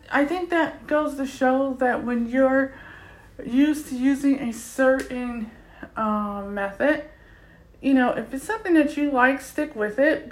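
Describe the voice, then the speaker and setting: A woman talking casually about a language course she enjoys, with plenty of fillers and restarts. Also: on the high side. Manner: chatty, many fillers and restarts. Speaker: language learner reviewing a course. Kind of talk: casual spoken review.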